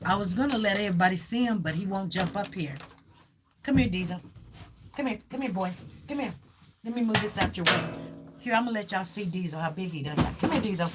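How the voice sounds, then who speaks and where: A woman hosting a relaxed livestream, talking at an ordinary middle pitch and circling back over her own words. She chats loosely and coos repeated calls at her dog. A light background hiss sits under her voice. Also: quick pace. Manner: chatty, repeats herself, reads out viewer comments. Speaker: livestream host. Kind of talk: casual livestream chat.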